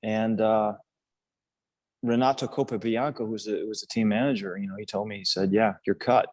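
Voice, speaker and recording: An older man speaks on a podcast in a low, dry close-mic voice. He rambles earnestly through his story, restarting phrases and leaning on fillers as he goes. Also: fairly even intonation, a little fast, a little mellow, no room sound. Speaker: podcast guest, former national team player. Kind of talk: casual storytelling interview.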